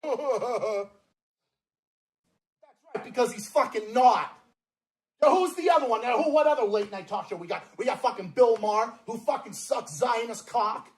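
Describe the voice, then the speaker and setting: A man with a Massachusetts accent ranting loudly and profanely in a mocking, angry online video. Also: very high voice, normal speed, long pauses. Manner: profane, loud, mocking outbursts.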